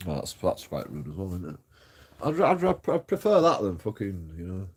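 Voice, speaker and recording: A man's voice: low-pitched, huge pitch swings, normal speed, husky. A man ranting and complaining in a rambling story-time vlog, swearing often and trailing off into mumbles. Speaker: YouTube auditor vlogger.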